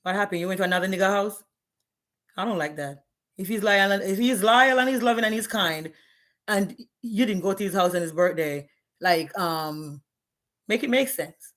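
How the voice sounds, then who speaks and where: A woman's voice: mid-range voice, fairly quick, a bit bright. A woman, ranting bluntly and profanely on a live stream, challenging her viewers. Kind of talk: candid live-stream rant.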